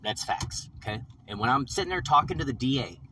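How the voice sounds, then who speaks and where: A man's voice: mid-range voice, animated, brisk, pushed and bright. A man ranting in a rambling vlog, agitated and profane, repeating himself as he tells his story. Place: in a vehicle after work. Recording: distant mic with faint vehicle noise.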